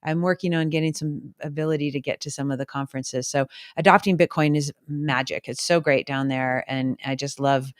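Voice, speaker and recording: A woman's voice: low voice, steady tone, fairly quick, few pauses, no echo, studio quality. A woman podcast host in a casual remote interview, gushing with enthusiastic praise.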